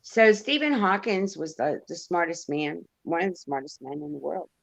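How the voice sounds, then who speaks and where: A woman in a casual spiritual chat, talking in a halting way and repeating words. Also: lowish voice, vocal fry.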